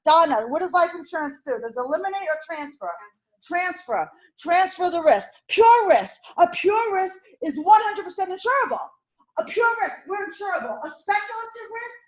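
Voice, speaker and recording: A woman instructor lecturing a classroom on insurance licensing, animated and repetitive as she drills and quizzes her students. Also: extremely high pitch, poor audio.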